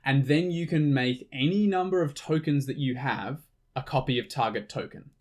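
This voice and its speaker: A man's voice: mid-range voice, normal speed, a little mellow. A man co-hosting a podcast in an easygoing way, laughing often and steering the talk. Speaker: podcast co-host. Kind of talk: casual chat.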